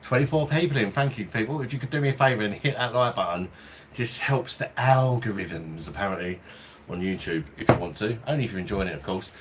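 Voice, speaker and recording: A man's voice: fairly low pitch, brisk, noisy background. A man from London with a Cockney and South East London accent, chatting casually and rambling on a livestream beer review at home. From London, England. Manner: chatty and rambling, chuckles often. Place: home in hot weather, fan nearby.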